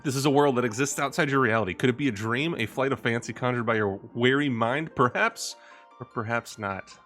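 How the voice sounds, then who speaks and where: A man's voice: medium pitch, fairly quick, fairly bright tone, soft background music, lightly acted. A man reading as a courtly minstrel. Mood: reflective. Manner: reads ornate in-game dialogue aloud. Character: courtly male minstrel, wise and gentle.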